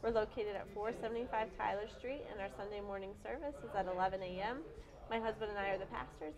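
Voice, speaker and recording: A woman's voice: medium pitch, quick pace, a crowd in the background, low-quality recording. A woman pastor interviewing a guest on community TV, asking friendly questions. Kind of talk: casual interview.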